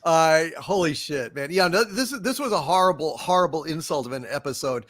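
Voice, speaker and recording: A man's voice: fairly high pitch, lively intonation, a little fast, fairly bright tone. A man hosting a casual online talk show, cursing and emphatic in his indignation. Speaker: podcast host. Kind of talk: casual ranting chat.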